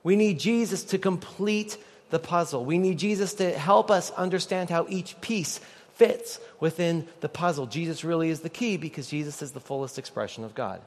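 High-voiced pastor in a hall. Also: male voice, normal speed. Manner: conversational, joking with the congregation. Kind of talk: sermon. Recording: long reverb of a large hall.

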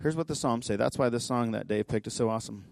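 A man pastor giving a sermon in a church, telling a story conversationally with quick asides. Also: medium pitch, gravelly, no echo. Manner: impassioned, rising to near-shouting pleas. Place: church sanctuary.

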